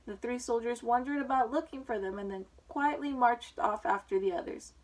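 A woman with a fairly high voice reads a children's storybook aloud. Her reading is relaxed and informal, with the odd um as she points out the pictures. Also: moderate pace, rough recording. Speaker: reader.

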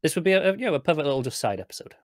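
A man's voice: fairly high pitch, sing-song, very fast, no echo, clean studio sound. A man co-hosting a podcast, chatting casually about TV with wry, joking asides. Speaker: podcast co-host. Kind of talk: casual TV review chat.

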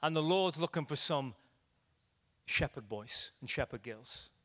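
In a church hall, a male evangelist preaches a sermon, telling stories with acted-out quotes and swinging between loud declarations and hushed moments. His mid-range voice is animated, with a measured pace.

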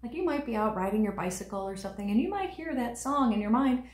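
Woman leading a children's liturgy, bright-toned, gentle and encouraging, in an echoey room. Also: fairly high pitch, sing-song, brisk. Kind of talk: teaching young children.

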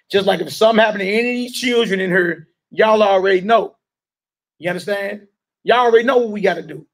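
A man preaching to a gathered room, urging and questioning his listeners in call and response. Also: high voice. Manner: emphatic, urging the listeners directly. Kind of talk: street-style sermon with call and response.

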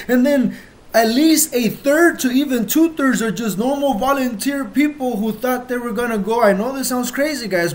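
A channel host talking straight to viewers in an emotional, heated monologue, full of profanity, with sudden loud outbursts and slow, stressed lines. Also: medium pitch.

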